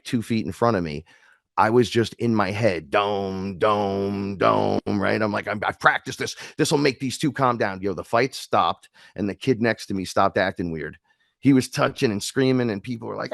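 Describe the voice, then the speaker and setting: A man's voice: fairly low pitch, normal speed, creaky, dry recording, studio quality. A man talking as a guest, telling rambling, emphatic spiritual stories and acting out the voices of the people in them. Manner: animated, acts out the voices in his stories. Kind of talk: spiritual storytelling chat.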